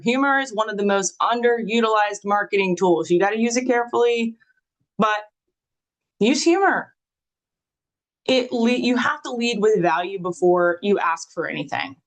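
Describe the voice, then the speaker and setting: A woman giving a live marketing training in a lively, conversational way, sometimes acting out sample messages in a sing-song voice. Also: medium pitch, low-quality recording.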